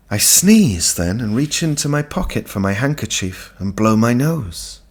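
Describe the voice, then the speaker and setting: A man narrating a literary audiobook in a measured, unhurried way. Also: medium pitch, expressive.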